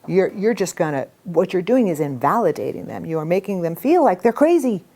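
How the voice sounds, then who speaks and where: A middle-aged woman teaching a communication workshop to a live group, talking in a lively, animated way. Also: lowish voice, normal speed. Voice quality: animated storytelling with acted quotes. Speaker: workshop instructor.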